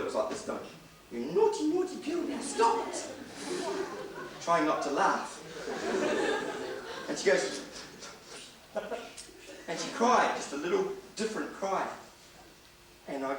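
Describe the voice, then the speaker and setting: A middle-aged man, preaching a sermon and telling humorous stories from his family life. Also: high-pitched. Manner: storytelling with humor, acts out quoted voices. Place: church hall. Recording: echoey hall, distant mic, audible noise.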